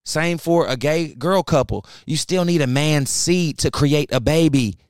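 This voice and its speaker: A man's voice: a little high, a little slow, darkish tone, smooth, dry recording, clean studio sound. Fired-up, profane man ranting on a podcast. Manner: profane, blunt, preachy; heated, fired up. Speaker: podcast host. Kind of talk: ranting solo podcast talk.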